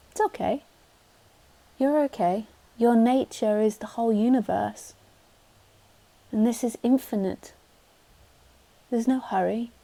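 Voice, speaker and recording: A woman's voice: a little high, warm tone. A woman spiritual teacher giving a live talk, blunt and direct, sometimes mocking the mind in silly voices.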